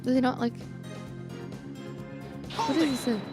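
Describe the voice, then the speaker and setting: A woman's voice: high-pitched, very animated, unhurried, over music. A woman chatting casually as a co-player, hesitant and full of "like", often trailing off. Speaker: co-player and voice acting partner. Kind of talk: casual chat.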